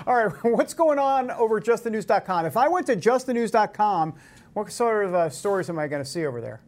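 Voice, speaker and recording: A man's voice: sits high, lively intonation, fairly quick, a little mellow. Joking, rambling male talk-show host. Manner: joking, laughs often, rambling asides. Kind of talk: casual news chat.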